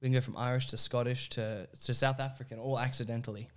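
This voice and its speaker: A man's voice: medium pitch, level tone, fast talker, smooth. A man, a comedian guest, chatting and joking in a loose, improvised way. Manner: jokey, laughs often, jumps into silly accents.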